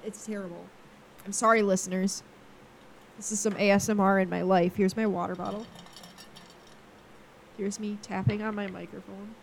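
A woman co-hosting a podcast in casual chat, animated, self-deprecating and quick to laugh. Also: medium pitch, a little hiss or hum. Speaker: podcast co-host. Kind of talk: casual movie-recap chat.

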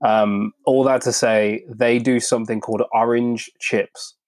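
A man's voice: medium pitch, level tone, measured pace, no room sound. A man from Birmingham, England, with a Birmingham accent, chatting casually on a cooking show. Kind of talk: casual chat.

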